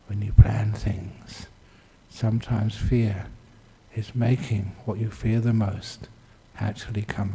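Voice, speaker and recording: A man leading a guided meditation, soft and unhurried, often dropping into a whisper, with gentle humor. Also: lowish voice, breathy edge. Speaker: meditation teacher.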